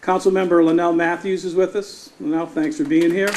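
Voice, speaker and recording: A man serving as city mayor, giving measured formal remarks at a town hall and acknowledging officials in the room. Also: fairly high pitch, level tone, a little mellow.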